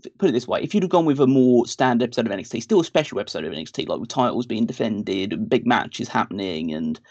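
A man's voice: mid-range voice, lively intonation, quick pace, darkish tone, dry recording, highs cut off. A man co-hosting a podcast, chatting casually in a rambling way full of restarts and fillers. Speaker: podcast co-host. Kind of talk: casual wrestling discussion.

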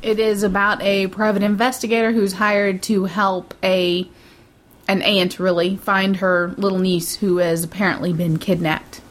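A woman's voice: medium pitch, little pitch movement, measured pace. A woman co-hosting a casual podcast, chatty and giggly, often trailing off mid-sentence. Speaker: podcast co-host. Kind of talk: casual chat.

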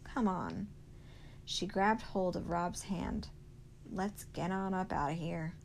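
A woman, a teacher, reading a novel aloud to her class in a steady storytelling manner. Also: fairly low pitch, vocal fry, slight background noise, poor audio.

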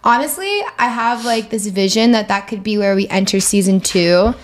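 A woman's voice: mid-range voice, moderate pace. Rambling young woman podcaster. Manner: rambling, filler-heavy and jokey. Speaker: podcast co-host. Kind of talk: casual chat.

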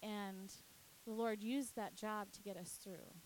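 A woman's voice: mid-range voice, steady tone, unhurried, slight background noise, rough recording. A woman, a youth pastor, earnestly telling a personal faith testimony, at times emotional. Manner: earnest storytelling, often emotional.

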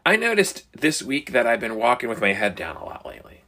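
A man's voice: mid-range voice, huge pitch swings, quick pace, sharp tone. A man co-hosting a casual podcast chat, joking and swearing as he tells stories. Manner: profane, joking storyteller.

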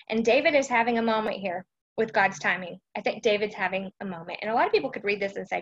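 Woman, casual devotional chat, fry in the voice, keeps asking the listener "okay?", muffled lo-fi stream sound. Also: medium pitch, fast. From Texas. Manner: conversational, often checks in with the listener. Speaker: host of a faith chat.

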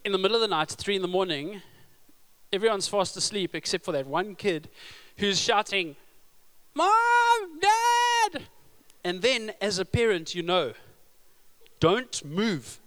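A man, preaching a sermon with humorous stories and loud emphasis. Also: high-pitched, normal speed. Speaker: pastor.

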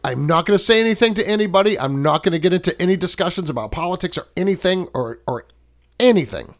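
A man co-hosting a podcast, telling an animated bar story and acting out both sides of the argument, swearing freely. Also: high voice, fast talker. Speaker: podcast co-host. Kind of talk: casual storytelling chat.

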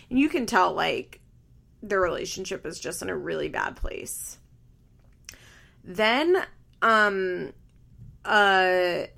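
A woman's voice: mid-range voice, gravelly, fairly bright tone. A woman hosting a podcast, chatting casually and bluntly with lots of "like" fillers as she recaps a reality show. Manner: blunt, opinionated, heavy use of "like" fillers. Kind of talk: casual chat.

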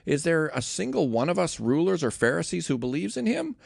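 A man's voice: on the high side, big pitch swings, brisk, gravelly, darkish tone, no room sound, pitched above the performer's own voice, heavily acted. A man reading scornful male religious leaders.

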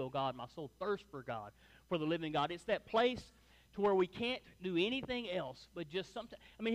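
High-voiced man preaching casually. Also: in a large hall. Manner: conversational, folksy, tag questions like "right?" and "man". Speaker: pastor. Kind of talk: sermon. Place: church sanctuary before a congregation.

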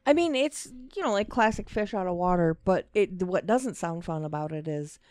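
Woman podcast co-host, low voice, dry close sound, laughs and swears in loose banter. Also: expressive, moderate pace, a little mellow, no echo. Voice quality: swears freely, laughs often. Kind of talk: casual comedic chat reading from Wikipedia.

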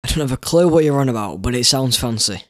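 A young man, co-hosting with his father and teasing him in a deadpan way with short answers. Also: mid-range voice, fast talker. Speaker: host's son, co-host.

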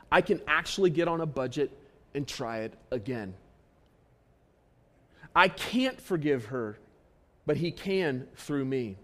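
A man preaching a sermon to his church, earnest and repetitive, swinging between emphatic and hushed delivery. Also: a little high. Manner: earnest, repetitive, stresses key phrases, shifts between loud and hushed. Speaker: pastor. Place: church auditorium.

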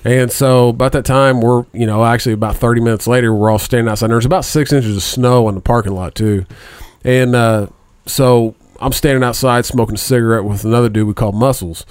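A middle-aged man spins a long, profane story in a loose, rambling way and laughs at his own tale. His voice sits at an ordinary middle pitch. The sound is close and dry, with no room around it. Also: fairly even intonation, a little fast, a little mellow, smooth, no echo. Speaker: storyteller in a casual podcast chat. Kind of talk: casual chat.

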